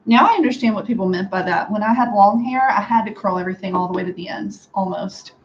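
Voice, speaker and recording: A woman chatting casually through a hair styling tutorial at home, sarcastic and quick to laugh. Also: medium pitch, lo-fi sound, slight background noise. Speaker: beauty vlogger. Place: home room with a fan.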